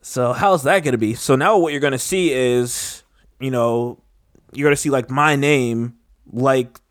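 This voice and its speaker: A man's voice: medium pitch, unhurried, dry recording, clean studio sound. A man in casual chat, rambling with lots of filler words and a skeptical tone.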